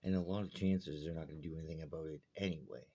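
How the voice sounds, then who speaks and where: A man's voice: very deep voice, fairly even intonation, rapid-fire, highs cut off, noisy background. A man from Alberta ranting bluntly and heatedly to camera, swearing often. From Alberta, Canada. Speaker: vlogger. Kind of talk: angry rant to camera.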